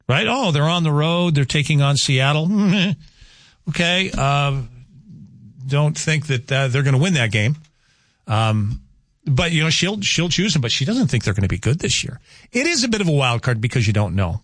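A man's voice: mid-range voice, fairly bright tone, no room sound, studio quality. A man hosting a morning radio show, talking casually with lots of fillers and offhand jokes. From North Dakota. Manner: chatty, rambling, jokey with filler words. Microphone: studio microphone.

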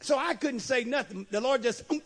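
A man's voice: very high voice, moderate pace, fairly bright tone, slight background noise. A man, a bishop, preaching a sermon with emphatic delivery and frequent amens.

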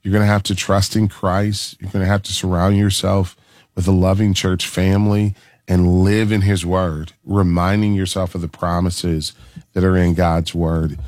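A man hosting a Christian call-in radio show, speaking gently and encouragingly to callers and guests. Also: low voice, level tone, normal speed, dry recording, studio quality.

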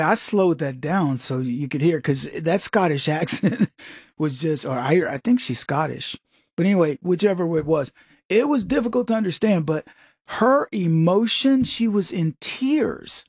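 A political commentary host delivering a monologue in an animated, sarcastic way, talking straight to the audience. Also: mid-range voice, normal speed, breathy edge, no room sound, clean studio sound.

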